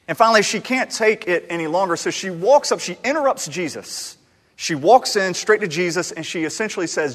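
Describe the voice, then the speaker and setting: A male pastor with a somewhat raised pitch delivers a sermon in a loose, conversational way, often stumbling and restarting his sentences. His voice carries a long reverb, as if he were speaking in a large hall. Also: moderate pace. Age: adult, married. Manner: conversational, animated, with frequent restarts.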